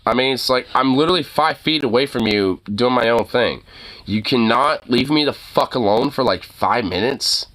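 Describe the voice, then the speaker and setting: A man's voice: medium pitch, moderate pace, fairly bright tone. A man ranting casually late at night, swearing often and rambling with lots of fillers. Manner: profane, rambling, filler-heavy; scolding his dog, exasperated. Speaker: vlogger.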